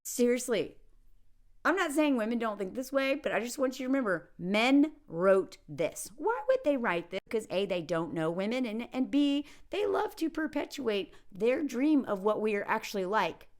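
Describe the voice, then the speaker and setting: Woman doing a snarky movie review, voice bouncing all over, kinda high, keeps mocking stuff in silly put-on voices. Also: sing-song, normal speed. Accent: Southern American put on for jokes. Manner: sarcastic, mocking, jumps into exaggerated character voices. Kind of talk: casual comedic movie review.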